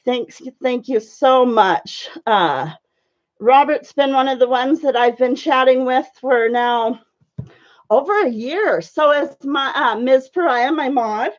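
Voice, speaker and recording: A woman with a high voice talks slowly and casually to her viewers as she paints on a live stream. She greets people by name and speaks in loose, friendly sentences full of fillers, with dull, lo-fi stream audio.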